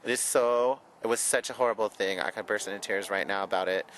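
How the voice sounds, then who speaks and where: A flamboyant, outspoken man talks in a low voice with a bright, forceful edge. His reminiscing is frank and chatty, full of cussing and sass. Faint background noise sits under his talk. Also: quick pace, poor audio. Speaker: hairdresser and vlogger. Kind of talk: candid personal reminiscing.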